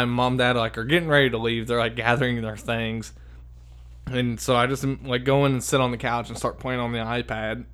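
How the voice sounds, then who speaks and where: A man with a medium-pitched, fairly bright, clear and resonant voice tells a long story casually and ramblingly. He swears a lot and constantly says "dude" and "like."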